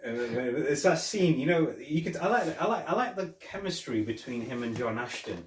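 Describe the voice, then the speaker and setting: In this casual film review chat, a man hosting a podcast retells scenes with laughs and rambles freely. He has a fairly high, animated voice at a moderate pace, picked up by a distant mic with roomy echo.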